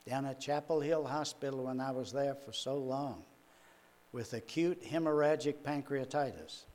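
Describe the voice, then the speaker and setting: A man's voice: a little high, darkish tone. An older man, a minister preaching a sermon in a folksy, chuckling, storytelling way. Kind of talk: sermon with personal stories.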